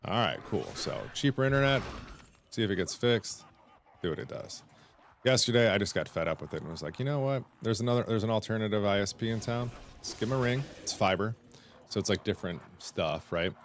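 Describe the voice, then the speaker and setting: A man's voice: lowish voice, animated, fairly quick, slight background noise. A man streaming casually, telling a long story and acting out both sides of his phone calls. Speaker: Twitch streamer.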